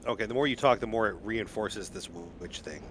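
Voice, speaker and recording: A man's voice: fairly low pitch, a little fast, a bit bright, a little hiss or hum. A man playing a tabletop game, joking casually with the table. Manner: laughing, joking banter. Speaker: player.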